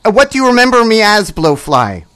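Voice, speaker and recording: A radio host interviewing guests, calling out names with drawn-out emphasis. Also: mid-range voice. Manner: lively, drawn-out calls of the guest's name.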